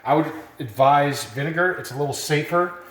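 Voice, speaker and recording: A man giving a casual cooking demonstration, relaxed and rambling with plenty of fillers, a bit out of breath. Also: on the high side, normal speed, echoey room. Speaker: cooking instructor.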